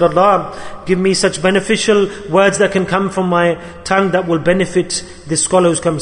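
High-voiced man preaching in a reverberant hall. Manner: impassioned, rises and falls in emphasis, quotes figures in his own voice. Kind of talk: sermon storytelling.

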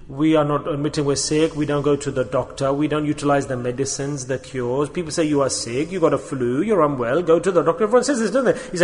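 A man's voice: a little high, quick pace, few pauses, darkish tone. A man giving a sermon at a religious gathering, putting repeated rhetorical questions to his listeners. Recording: long hall reverb.

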